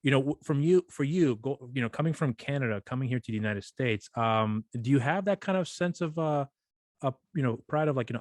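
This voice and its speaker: A man's voice: mid-range voice, fast talker, no echo, studio quality. A man hosting a casual interview show, rambling and often stumbling over his words. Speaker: podcast host.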